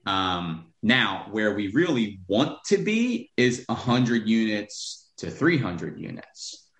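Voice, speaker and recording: A man's voice: on the low side, a bit bright, echoey room. A man who is a real estate investor, talking bluntly with profanity as a podcast guest. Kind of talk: podcast interview.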